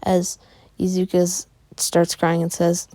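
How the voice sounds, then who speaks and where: Slow halting woman storyteller. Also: fairly low pitch, completely flat delivery, warm tone, dry recording. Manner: halting, many fillers. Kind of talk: improvised fan story narration.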